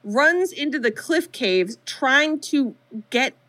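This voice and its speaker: A woman with a high, bright voice and lively, forceful intonation co-hosts a podcast live at a show venue. In a casual, chatty recap, she walks through a movie scene by scene, quickly voicing the characters' lines, and the recording is dry.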